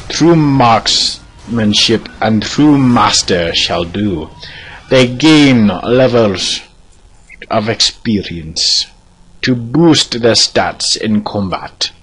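A man voicing a gruff, pompous male warrior commander who lectures scornfully. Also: mid-range voice, fairly bright tone, voice pushed up, exaggerated voice.

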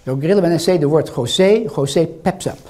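A man's voice: on the high side, a little fast, mellow. An older man with a foreign accent giving a lecture in a hall, teasing and quizzing the audience as he goes. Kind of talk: interactive lecture.

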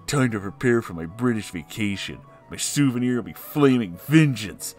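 A macho, vengeful cartoon tomcat from a silly storybook read-aloud, voiced by a man. He speaks with gruff, mock-heroic sternness, close to the reader's own voice. Faint music plays behind. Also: fairly low pitch, animated, normal speed, close to an everyday voice. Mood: stern.

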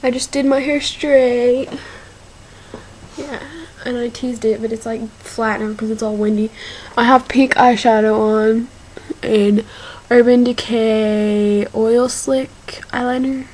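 A woman's voice: fairly high pitch, steady tone, a little mellow, rough recording. A young woman in her teens rambling through a casual shopping haul video, with lots of fillers and y'all. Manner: slow, rambling, filler-heavy, says y'all. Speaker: vlogger.

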